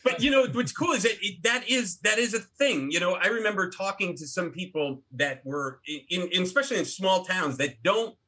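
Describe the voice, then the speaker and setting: Animated, bright-voiced man telling stories. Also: high voice, moderate pace, few pauses. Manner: animated storyteller with many restarts. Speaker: guest, actor and filmmaker. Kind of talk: casual interview talk.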